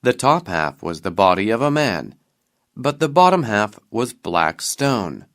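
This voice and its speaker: A man reads a graded-reader storybook aloud, slowly and clearly. His voice sits on the low side. The delivery is plain scripted narration. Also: big pitch swings, a bit bright.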